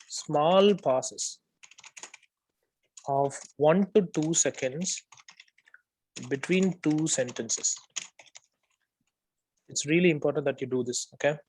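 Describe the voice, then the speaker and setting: A man's voice: medium pitch, a little hiss or hum. A man tutoring, giving spoken feedback on a student's role play. He corrects mistakes one by one, repeats the right phrase, and keeps checking in with "okay?". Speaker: OET tutor.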